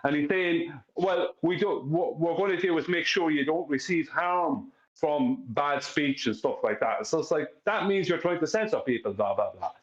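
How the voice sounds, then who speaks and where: A man's voice: on the high side, lively intonation, moderate pace, few pauses. An Irish man chatting on a live stream, emphatic and repetitive, often asking if you follow him. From Ireland. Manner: emphatic, repeats himself, keeps asking "you know what I mean". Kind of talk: casual live-stream chat. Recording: echoey, dull lo-fi audio.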